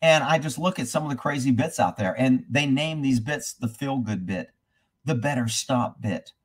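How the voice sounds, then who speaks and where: A man's voice: mid-range voice, normal speed, slightly rough. A man hosting a live stream about horses, ranting bluntly and swearing freely, then reading viewer comments aloud. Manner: reads viewer comments aloud between rants. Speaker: livestream host answering horse questions. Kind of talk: casual live-stream rant.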